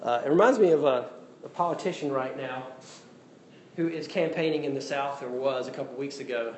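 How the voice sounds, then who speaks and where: A man preaching a sermon in an animated, jokey way, acting out quotes. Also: mid-range voice, brisk. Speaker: pastor. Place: church hall. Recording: echoey hall with faint room noise.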